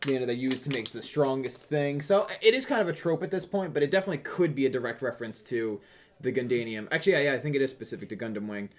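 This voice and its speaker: A man's voice: medium pitch, animated, quick pace. Laid back guy on a podcast reading out donations, lots of ums. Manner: reads donations aloud, easygoing, hesitant fillers. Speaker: podcast co-host. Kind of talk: casual podcast chat.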